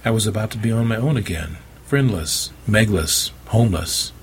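A man narrating a story in the first person with a wry, deadpan delivery and a husky voice. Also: fairly low pitch, normal speed, a little hiss or hum. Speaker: audiobook narrator.

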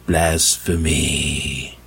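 A man voicing a slow, menacing vampire preacher. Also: mid-range voice, big pitch swings, fairly bright tone, slightly rough, voice pushed up, full character voice. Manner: slow, theatrical, fiery. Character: menacing male vampire cult preacher, booming.

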